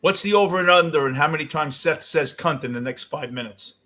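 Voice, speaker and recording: A middle-aged man with a New York accent ranting as a postgame show host, cursing and swinging between yelling and muttering. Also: a little high, a little fast. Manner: profane, swings from shouting to muttering. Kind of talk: ranting fan commentary.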